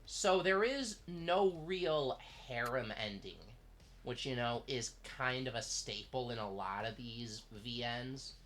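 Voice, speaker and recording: Unhurried, animated reader voicing game narration on stream. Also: medium pitch, a little hiss or hum. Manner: expressive, shifts between lively reading and muttered asides. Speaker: streamer reading a visual novel aloud.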